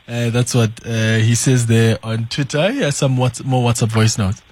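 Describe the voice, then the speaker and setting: A man's voice: mid-range voice, moderate pace, few pauses, darkish tone, dry recording. A South African man hosting a radio talk show, reading listener messages and putting questions to a guest. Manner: reads listener messages aloud. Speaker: radio host.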